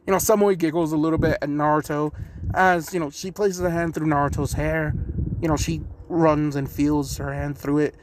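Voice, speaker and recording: A man narrates a fan-made story in a casual, rambling way, constantly correcting himself and sprinkling fillers. His voice sits on the higher side for a man, and a faint hiss of noise runs underneath. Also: steady tone, moderate pace.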